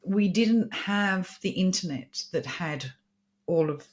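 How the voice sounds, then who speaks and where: A woman's voice: lowish voice, slow. A middle-aged woman co-hosting a podcast, talking bluntly with frequent swearing and laughter. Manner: blunt, profane, laughing often. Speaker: podcast co-host. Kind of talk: casual podcast chat.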